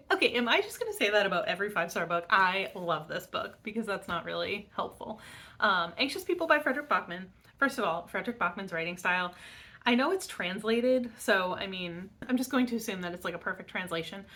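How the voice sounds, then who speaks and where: A woman's voice: mid-range voice, lively intonation, quick pace, sharp tone. A young adult woman reviewing books in a casual chat, bubbly and rambling with many fillers. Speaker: book vlogger.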